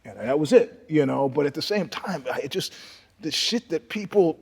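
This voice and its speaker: Speaking at a normal pace, this older New Yorker shares profane tales as a guest in a relaxed interview. His voice is husky and a touch breathy, shifting between loud, lively outbursts and quiet, hushed asides, while the room adds a long reverb.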